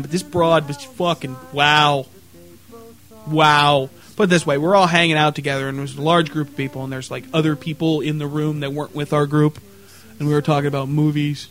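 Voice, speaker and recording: A man co-hosting a casual podcast, telling stories in a loose, profane, animated way. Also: fairly high pitch. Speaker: podcast co-host. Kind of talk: casual chat.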